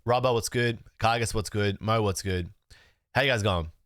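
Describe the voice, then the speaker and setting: A man's voice: fairly low pitch, moderate pace, fairly bright tone, no room sound, studio quality. A man with a sick, nasal, congested voice, chatting loosely as a livestream host and joking with his chat. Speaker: streamer.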